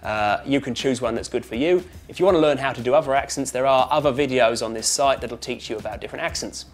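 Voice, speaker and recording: Loud, twangy British man coaching. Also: medium pitch, quick pace, soft background music. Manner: lively up-and-down intonation; crisp, precise consonants. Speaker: actor and voice coach. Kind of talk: instructional talk to camera.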